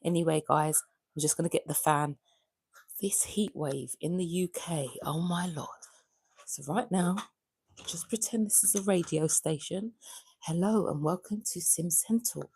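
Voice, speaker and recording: Slow-talking chatty woman live-streaming. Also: lowish voice, noisy background. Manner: chatty, greets viewers by name, asks lots of questions. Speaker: livestream host. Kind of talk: casual live chat reading viewer messages. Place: home room with a fan running. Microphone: desk microphone.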